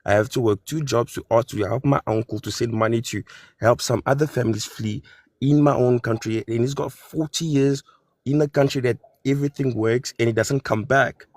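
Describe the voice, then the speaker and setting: A man's voice: mid-range voice, brisk, darkish tone, no room sound. A man in his twenties speaking angrily and frustrated, apologizing as he swears, on a video call. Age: 20s. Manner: frustrated, apologetic about cursing. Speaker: panel guest. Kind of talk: angry opinion.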